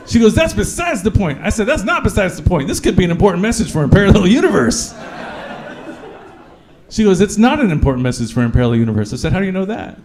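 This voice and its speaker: A man with a high-pitched voice performs a stand-up set on a comedy club stage. His storytelling is crude and animated, and he bursts into shouts at the punchlines. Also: fast talker, background noise.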